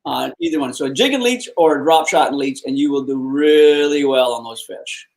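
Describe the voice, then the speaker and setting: A man's voice: medium pitch, brisk, a little mellow. A man co-hosting a live fishing show, telling stories bluntly, laughing and swearing as he talks.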